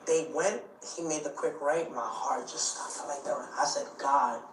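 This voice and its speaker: A man telling a tense story as an interview guest. He acts out the voices of the people in it and speeds up at the exciting parts. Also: fairly high pitch, normal speed. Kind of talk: animated storytelling. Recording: echoey room, distant mic, faint noise.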